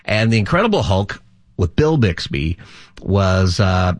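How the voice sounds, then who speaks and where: A man's voice: sits low, sing-song, a little slow, no echo. A middle-aged man hosting a call-in radio talk show as a pastor, rambling and chatty, laughing easily.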